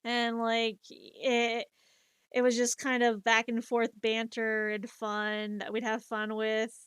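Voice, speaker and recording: A woman's voice: on the high side, completely flat delivery, takes it slowly, fairly bright tone, smooth, no echo, clean studio sound. Chatty woman streamer rambling through stories. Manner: rambling, many fillers and restarts, laughs at herself. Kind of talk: casual storytelling chat.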